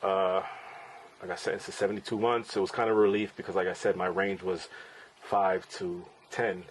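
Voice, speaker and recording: Casting note: man in his forties, fairly deep voice, casual blunt podcast storyteller who swears freely. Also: little pitch movement, moderate pace, a little hiss or hum, rough recording. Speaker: podcast host and father. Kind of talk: candid personal storytelling.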